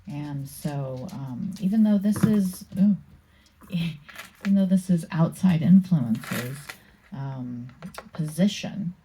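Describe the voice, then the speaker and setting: A woman giving a casual tarot card reading, musing aloud slowly with many pauses and reading card meanings from a book. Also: low-pitched, lively intonation, mellow, slight background noise, rough recording. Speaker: tarot reader.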